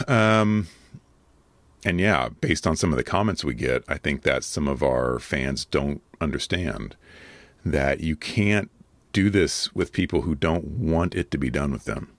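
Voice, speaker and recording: A man with a very deep, slightly rough voice, earnest and measured, answering viewer comments in casual commentary. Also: no room sound. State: a little rough from allergies. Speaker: adult video creator answering comments.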